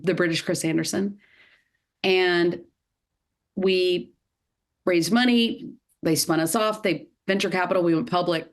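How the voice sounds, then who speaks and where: A woman in her fifties with a Southern US accent, a podcast guest telling her career story in a lively way with many fillers. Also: lowish voice. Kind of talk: podcast interview.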